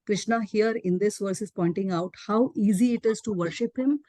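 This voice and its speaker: A woman participant giving a careful, measured recap in an online scripture class. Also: mid-range voice, mellow, no echo.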